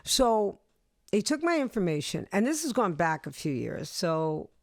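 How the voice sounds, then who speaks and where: A middle-aged woman musician, a guest in an interview, telling animated stories from her career and acting out the people in them. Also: medium pitch, a little slow, dry recording, clean studio sound. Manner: animated storyteller, acts out voices. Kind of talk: storytelling interview chat.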